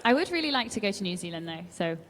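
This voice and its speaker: A woman's voice: mid-range voice, big pitch swings, fast talker. English woman guest, crowd around her. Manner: laughing, self-deprecating. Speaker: panel guest. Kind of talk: casual panel chat. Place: large convention hall. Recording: convention hall with crowd behind. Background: audience crowd.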